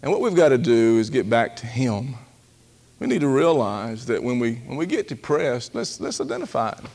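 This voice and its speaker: A man preaching a sermon in a folksy, humorous way, slowing down on key words and acting out quotes in a raised voice, often laughing. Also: medium pitch, sing-song, vocal fry, darkish tone. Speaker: pastor.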